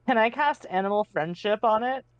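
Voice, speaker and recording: A woman's voice: a little high, fairly quick, clear, resonant tone, no echo. Hesitant woman player on a dry, dull mic. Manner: hesitant, apologetic, stumbling over words. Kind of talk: tabletop role-play.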